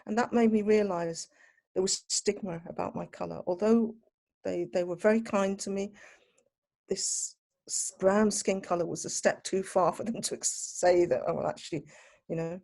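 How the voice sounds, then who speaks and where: A British woman looks back on her upbringing in a measured, reflective tone. Her voice has a gravelly edge and a dark, mellow colour. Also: mid-range voice, steady tone. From Britain. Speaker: interviewee. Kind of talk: personal reminiscence.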